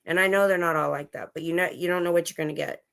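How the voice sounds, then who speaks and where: A woman with a somewhat low voice hosts a casual late-night livestream from her home. She talks loosely and chattily, restarting her sentences as she goes. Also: steady tone, very fast, vocal fry, fairly bright tone. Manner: chatty, talks to her dogs between topics, many restarts. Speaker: livestream host. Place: home, dogs in the room. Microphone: livestream setup.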